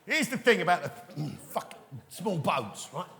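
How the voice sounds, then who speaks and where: A man's voice: high-pitched, sing-song, normal speed, pushed and bright. A man doing a live stand-up routine in a big theatre, ranting and swearing and constantly checking in with the crowd. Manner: ranting, swearing, keeps prodding the crowd with "right?". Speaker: stand-up comedian. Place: large theatre with a live audience. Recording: reverberant live venue sound.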